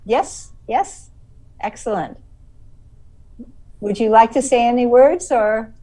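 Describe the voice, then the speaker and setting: A woman hosts an online award presentation, speaking slowly and warmly. She sounds friendly, now and then correcting herself. Her voice is picked up from a distance on a video call. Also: on the high side. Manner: friendly, slightly apologetic, self-correcting. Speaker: exhibition host.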